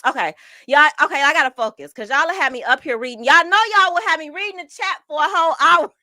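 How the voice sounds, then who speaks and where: Chatty woman livestreamer with bright, dry sound. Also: high voice, quick pace, no room sound. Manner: animated and chatty, slangy. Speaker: livestream host reading chat. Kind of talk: casual livestream chat.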